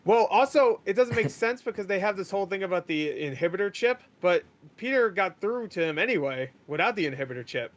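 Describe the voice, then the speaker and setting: Young man, podcast host, fairly high voice, rambling, profane, casual movie recap. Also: expressive. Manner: rambling, profane, acts out characters in quick paraphrase.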